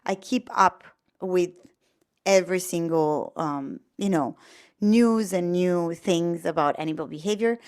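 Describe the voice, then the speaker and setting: Chatty Italian-accented woman, low voice. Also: measured pace, darkish tone. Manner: chatty, full of fillers and restarts. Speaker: dog trainer and behaviorist. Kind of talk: casual explainer vlog.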